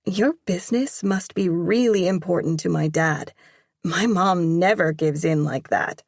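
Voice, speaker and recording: Slow, gravelly woman narrating. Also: on the low side, darkish tone, no echo, clean studio sound. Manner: slow, measured reading. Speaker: audiobook narrator. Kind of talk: first-person romance narration.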